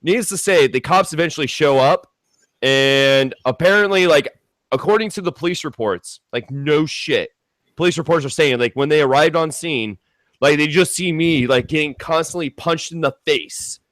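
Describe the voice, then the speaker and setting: A young man casually telling a long story, rambling and swearing, with lots of fillers and animated retellings. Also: on the high side, normal speed, no echo. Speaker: storyteller guest.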